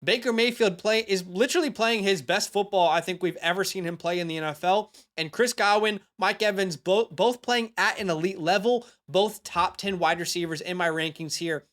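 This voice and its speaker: A young man hosting a fantasy football show, giving energetic, emphatic start-and-sit advice in a casual monologue. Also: sits high. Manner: hyped, emphatic, speeds up and slows down.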